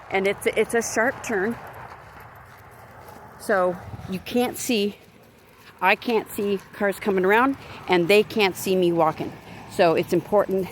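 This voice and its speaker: Gravelly woman vlogger, indignant rambling rant, phone held while walking outdoors, street noise behind. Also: medium pitch. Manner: indignant, rambling, talks with many restarts. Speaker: vlogger and crisis worker. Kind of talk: ranting to camera while walking.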